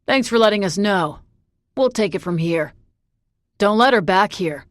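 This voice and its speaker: A woman reading the part of a confident young man in an audiobook, offhand and brisk. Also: medium pitch, lively intonation, no echo, lightly acted.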